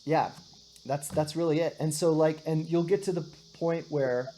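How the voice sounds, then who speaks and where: A woman's voice: low-pitched, fairly even intonation, moderate pace, dark tone, a little hiss or hum. A woman teaching a one-on-one guitar and singing lesson, patiently explaining and often checking in with "right?". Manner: patient, explains with many "right?" checks, sings short demonstrations.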